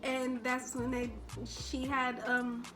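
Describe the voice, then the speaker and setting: A woman's voice: sits high, completely flat delivery, takes it slowly, over music. A young woman telling a personal story in a casual storytime vlog, rambling and full of restarts. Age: young adult. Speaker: vlogger.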